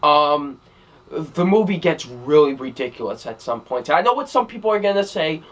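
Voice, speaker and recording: A man's voice: on the high side, lively intonation, normal speed, fairly bright tone. A young man giving a casual spoken film review, rambling with many fillers and repeated phrases. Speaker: movie reviewer.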